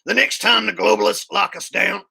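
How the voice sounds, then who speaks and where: A man impersonating a loud, brash male internet personality. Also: high-pitched, brisk, gravelly, breathy edge, pitched above the performer's own voice, full character voice. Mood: brash, excited. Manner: loud, brash, excited bragging.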